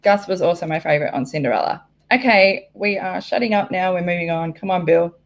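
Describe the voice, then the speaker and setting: An Australian woman hosting a live stream, chatting casually and excitedly with viewers, rambling and swearing freely. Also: on the low side, fairly quick. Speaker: livestream host. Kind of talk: casual live chat reading viewer comments.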